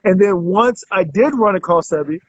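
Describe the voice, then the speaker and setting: A man's voice: high-pitched, lively intonation, moderate pace, no echo. A man in his thirties, a guest telling his story in a casual interview, rambling with many restarts. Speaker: guest, health coach. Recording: dull, dry lo-fi recording.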